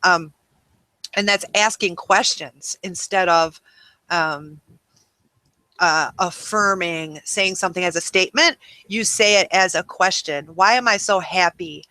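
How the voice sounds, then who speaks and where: Bright, dry-voiced woman hosting a webinar. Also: fairly low pitch, a little slow, no room sound. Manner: rambling, many ums and you-knows. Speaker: webinar host. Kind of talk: casual webinar talk.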